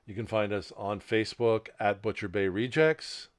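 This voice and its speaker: A man's voice: fairly low pitch, fairly even intonation, normal speed. A man co-hosting a podcast in casual chat, rambling and repeating words as he restarts, on a laptop mic. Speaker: podcast co-host.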